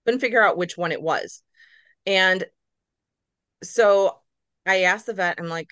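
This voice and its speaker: A middle-aged woman, a nurse practitioner, telling her story as a podcast guest in a lively, casual way, acting out her own reactions. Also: medium pitch, moderate pace, no echo. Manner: animated, acts out her own reactions in quotes.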